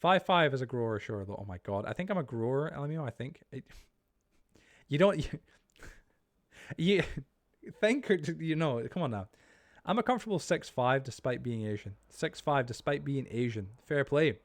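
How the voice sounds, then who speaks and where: A man's voice: mid-range voice, expressive, moderate pace. A young man streaming live, chatting casually, swearing freely and reacting to viewer chat he reads aloud.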